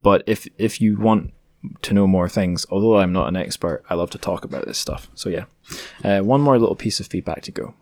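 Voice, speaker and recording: A man's voice: low voice, fairly quick, a little mellow, dry recording, studio quality. A Scottish man hosting a podcast, chatting casually and rambling a little as he corrects himself. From Scotland. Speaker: podcast host. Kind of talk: casual solo podcast chat.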